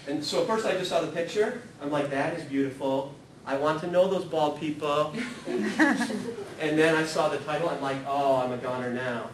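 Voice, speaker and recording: A man giving a humorous spiritual talk as a series speaker, telling stories in an animated, self-deprecating way and reading passages aloud. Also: moderate pace. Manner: animated, self-deprecating storyteller, laughs often. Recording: echoey room, distant mic, rumbling noise.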